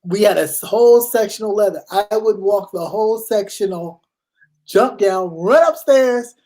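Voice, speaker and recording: A man co-hosting a casual chat, telling animated stories and acting out his family's voices, swearing freely. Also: high voice, normal speed, poor audio. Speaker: co-host.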